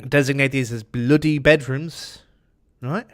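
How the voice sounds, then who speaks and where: A man's voice: medium pitch, fairly even intonation, unhurried. A man streaming a game, chatting with viewers and cursing casually in a put-on British accent. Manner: chatty, swears often, answers chat while playing. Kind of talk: casual gameplay commentary.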